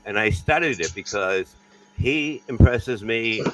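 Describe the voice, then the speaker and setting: A man's voice: fairly low pitch, lively intonation, unhurried, fairly bright tone, faint music behind, low-quality recording. A man, a comedian guest, talking bluntly and profanely in a casual podcast chat.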